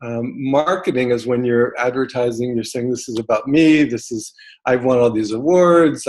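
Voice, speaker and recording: A man's voice: medium pitch, a little mellow. Man giving a hesitant talk. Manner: hesitant, frequent ums and restarts. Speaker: realtor. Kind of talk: presentation talk.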